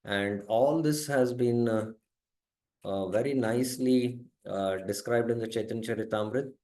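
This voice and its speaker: Man giving a measured scripture lecture. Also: medium pitch, a little mellow. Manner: measured explanatory teaching with occasional hesitations; quizzes students by name. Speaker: scripture teacher.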